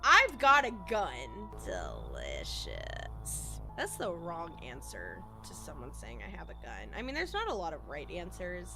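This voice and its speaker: A woman giving gameplay commentary as a streamer, animated, swearing and thinking out loud. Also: lowish voice, moderate pace, hardly any pauses, music in the background. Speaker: gaming streamer.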